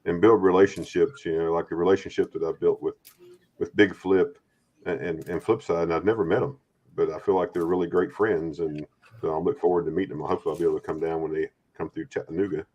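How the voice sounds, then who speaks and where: Deep-voiced man chatting on a stream. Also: fairly even intonation, fast, darkish tone, dull audio. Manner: rambling, friendly, repeats words. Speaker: stream host. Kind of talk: casual livestream chat. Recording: faint background noise.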